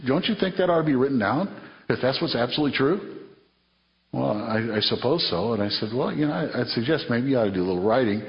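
A man with a medium-pitched voice and lively intonation talks very fast, preaching an earnest sermon in a church hall. He repeats phrases and acts out conversations, and the sound is muffled with a long echo from the hall.

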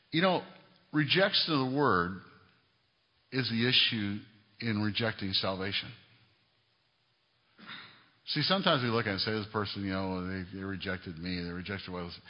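A middle-aged pastor with a fairly low voice preaches a sermon in a church sanctuary, his words trailing long reverb through the hall. He builds to emphatic, raised peaks before dropping into quiet asides. The recording sounds dull and lo-fi.

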